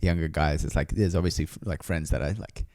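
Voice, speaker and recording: A young man co-hosting a podcast, rambling and hesitating with lots of restarts and quick laughs. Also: rumbling low, steady tone, darkish tone, dry recording, clean studio sound. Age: young adult. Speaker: podcast co-host. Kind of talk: casual chat.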